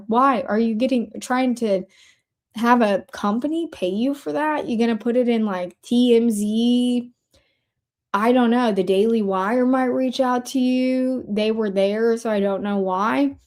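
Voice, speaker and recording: A woman hosting a casual commentary show, talking chattily with sarcastic asides and quick shifts between fast and slow delivery. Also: on the high side. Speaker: host. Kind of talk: casual commentary over screen shares.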